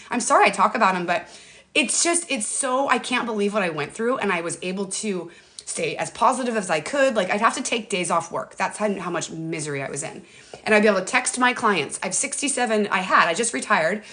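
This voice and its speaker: A middle-aged woman hosting a casual livestream from her phone or webcam. She talks in a chatty, emotional way and keeps calling out to her viewers directly. Her pitch sits in a middle range. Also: animated, brisk, sharp tone. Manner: chatty, emotional, addresses viewers as "you guys". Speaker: livestream host.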